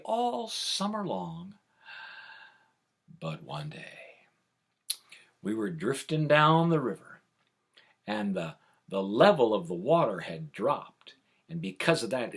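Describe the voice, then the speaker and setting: A man tells a tall tale in an animated way, sliding from hushed whispers to loud exclamations. His voice is husky yet bright, low-pitched and very lively in melody. He speaks at an unhurried pace. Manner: expressive, dropping to whispers and rising to shouts. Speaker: storyteller. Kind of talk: animated oral storytelling.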